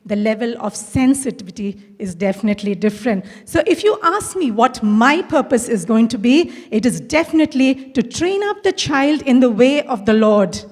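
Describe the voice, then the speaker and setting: A woman's voice: fairly high pitch, expressive, normal speed, hardly any pauses, a little mellow. A middle-aged woman from India, a school principal, telling personal stories at a conference talk and acting out the dialogue. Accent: Indian English. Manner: storytelling, acts out quoted dialogue. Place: large conference hall. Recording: long hall reverb.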